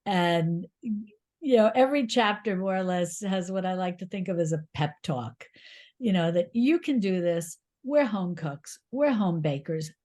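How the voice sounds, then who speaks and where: A middle-aged woman, a cookbook author, talking in an interview. She tells lively, encouraging stories and laughs often. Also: lowish voice, a little slow. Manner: encouraging, reassuring. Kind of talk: conversational interview.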